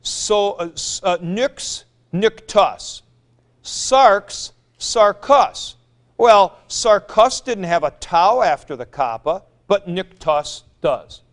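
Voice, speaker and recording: A man teaching a classroom lecture, patiently explaining step by step and repeating forms aloud at the board. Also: high-pitched. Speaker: Greek teacher.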